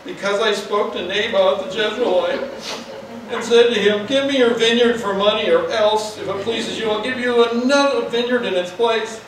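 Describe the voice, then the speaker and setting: A man's voice: sits high, normal speed, voice pushed up, lightly acted. A man voicing a pouting, whiny king who feels sorry for himself. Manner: whiny, sulky. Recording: echoey room from far off, noisy.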